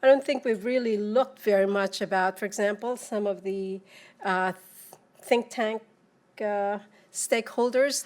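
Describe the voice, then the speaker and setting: A woman presenting at a conference podium, halting, with many repeats and restarts. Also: medium pitch. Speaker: panel presenter.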